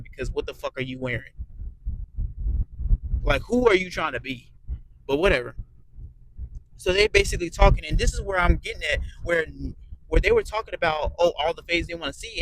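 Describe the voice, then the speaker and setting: A blunt, cursing man with a slightly high voice. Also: fairly bright tone, slight background noise, low-quality recording. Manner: rambling, blunt, heavy cursing, frequent fillers. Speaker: reality show reviewer. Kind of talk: casual profane audio review.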